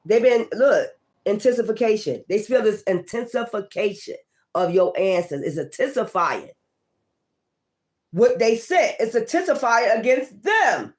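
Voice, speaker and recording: A woman giving a casual tarot reading, blunt, profane and confrontational, moving between loud outbursts and low muttering. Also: big pitch swings, measured pace. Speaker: tarot reader.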